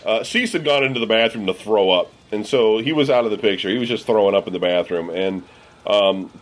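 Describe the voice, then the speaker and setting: A man's voice: fairly low pitch, brisk. A man from the US Midwest telling a rambling, profane story among friends, full of fillers. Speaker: podcast regular.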